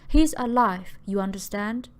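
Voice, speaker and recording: A woman voicing a blunt, gruff older man who talks in a coarse, insistent way. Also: medium pitch, animated, unhurried, natural voice. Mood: urgent, insistent.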